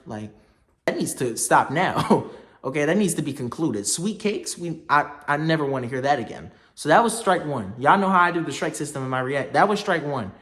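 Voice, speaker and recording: A young man telling a story to the camera, animated and slangy, laughing often. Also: on the high side. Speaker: vlogger.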